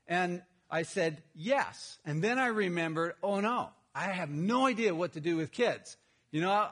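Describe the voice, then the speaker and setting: A Texas pastor with a high, fairly bright voice preaches a sermon, first sharing a funny personal story and then turning to address the congregation. His storytelling leans on self-deprecating humor.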